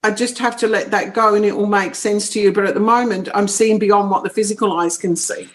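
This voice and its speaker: This interview guest is a woman psychic medium with a steady, mid-range voice and a fairly quick pace. She's blunt and firm, walking through her explanations steadily in ordinary phrasing.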